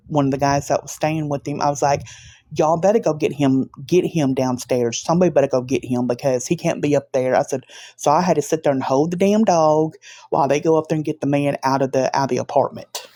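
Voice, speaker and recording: A woman vlogger telling a story in a casual, emphatic, animated way, with frequent restarts. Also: low-pitched, fairly quick.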